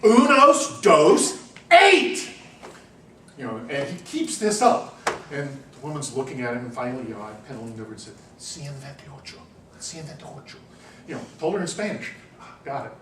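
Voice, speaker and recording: A man's voice: mid-range voice, quick pace. Man lecturing in an echoey room. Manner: animated, anecdotal, lots of "you know". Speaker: university lecturer. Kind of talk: classroom lecture. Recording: roomy classroom, distant mic, faint hum.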